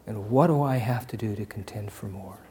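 A man preaching a sermon, swinging from loud impassioned declarations to hushed, almost whispered appeals. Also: fairly low pitch, a little fast, slight background noise. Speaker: pastor.

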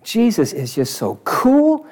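A man's voice: extremely high pitch, huge pitch swings, takes it slowly, a little mellow, voice pushed up, exaggerated voice. A man voicing a crowd of onlookers who gush in a folksy, sing-song way. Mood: mock-gushing. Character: gushing mocking crowd of onlookers, mixed adults.

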